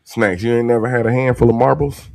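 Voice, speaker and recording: A man's voice: mid-range voice, fairly even intonation, fast talker, creaky, darkish tone. A man co-hosting a podcast, talking in a loose, profane, emphatic way. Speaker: podcast co-host. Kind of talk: casual chat. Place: in Texas.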